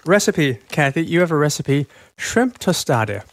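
Radio co-host guy, a bit higher voice, dry studio sound, wry and jokey. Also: very animated, normal speed, no echo. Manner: wry, joking. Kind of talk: casual radio chat.

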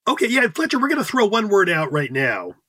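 A man hosting a casual talk show, leading the segments with quick jokes. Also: sits high, huge pitch swings, pushed and bright, dry recording, studio quality. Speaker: podcast host. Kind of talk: casual chat.

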